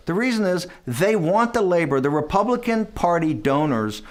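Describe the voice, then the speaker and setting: A man's voice: high-pitched, fairly quick, few pauses. A man being interviewed who tells stories emphatically and rambles through them, often tagging his points with "right?" and "okay?". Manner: animated, mimics others in quoted asides. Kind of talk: conversational interview storytelling.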